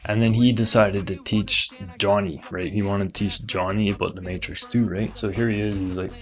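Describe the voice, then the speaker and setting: A man hosting a comedy show, rambling through a conspiracy-style monologue full of fillers and quick put-on voices for other people. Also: lowish voice, fairly even intonation.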